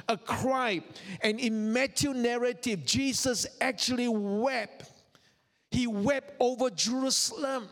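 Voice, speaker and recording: A male pastor delivers a sermon at an unhurried, deliberate pace. His voice sits high for a man, and it rings out with the long reverb of a large hall. He leans on rhetorical questions and repeats key phrases earnestly. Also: a bit bright.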